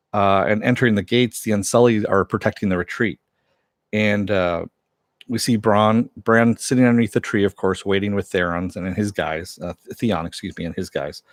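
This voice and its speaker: A man's voice: on the low side, steady tone, moderate pace, no room sound, clean studio sound. A man casually recapping a TV episode for his viewers, rambling with many fillers and frequent chuckles. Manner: rambling, filler-heavy, laughs often, chats with viewers. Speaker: show reviewer.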